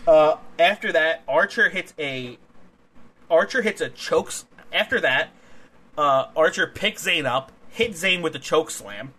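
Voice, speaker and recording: A young man co-hosting a wrestling podcast, recapping a match in casual, excitable chat, swearing and laughing often. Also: fairly high pitch.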